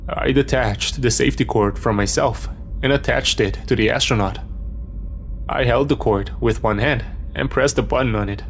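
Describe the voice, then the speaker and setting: A man reading a scripted first-person horror story as narrator, in a steady storytelling manner. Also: medium pitch, vocal fry, slight background noise.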